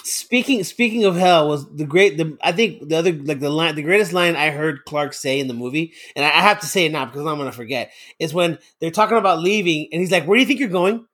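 A man co-hosting a casual podcast chat, excitable, laughing often and swearing freely. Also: fairly high pitch, fast talker, few pauses. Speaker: podcast co-host.

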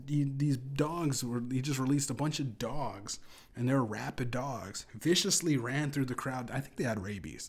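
A man's voice: mid-range voice, a little mellow. Rambling, profane young man telling a story. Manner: casual, profane, rambling with restarts. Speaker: podcast host. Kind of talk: deadpan comedic storytelling.

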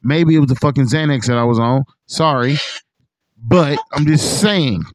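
A man's voice: mid-range voice, normal speed, slight background noise, rough recording. A man hosting a podcast in casual chat, rambling and swearing with lots of "like". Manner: rambling, profane, heavy use of "like". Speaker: podcast host.

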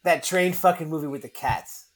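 A man hosting a podcast in casual chat, excitable, laughing often, swearing and restarting his sentences. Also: on the high side, normal speed. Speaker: podcast host.

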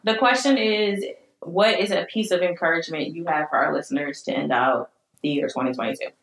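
Speaking fairly quickly in a fairly low voice, a woman co-hosting a podcast chats casually and earnestly, alternating between tears and laughs. The sound is echoey and the audio quality poor.

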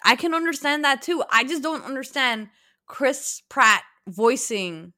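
A woman's voice: high-pitched, lively intonation, measured pace, sharp tone, no echo, clean studio sound. A woman co-hosting a casual gaming podcast, curious and teasing, often repeating her point. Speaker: podcast co-host.

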